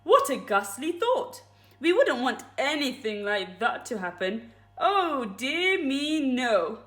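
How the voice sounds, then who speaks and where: A woman voicing a sly, scheming old man in a children's story reading, speaking in a slow, gloating, mock-sweet way. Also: high voice, big pitch swings, a bit bright, full character voice. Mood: mock-sorry.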